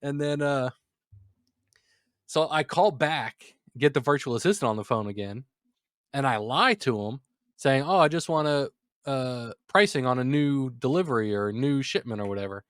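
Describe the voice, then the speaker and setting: A man in his thirties rants with animated exasperation, as if venting to a friend on a podcast. His voice sits in a middle register. The sound is dry and close, with no room around it. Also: mid-range voice, normal speed, clear, resonant tone, no echo. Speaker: podcast co-host. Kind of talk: casual ranting story.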